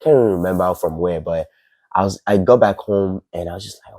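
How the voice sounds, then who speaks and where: A young Nigerian man spins a story in a relaxed interview, laughing often and slipping into the voices of his friends. His voice is warm and mellow, recorded close and dry. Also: sits low, a little fast, no echo. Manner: animated, laughs often, acts out quoted friends. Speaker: guest.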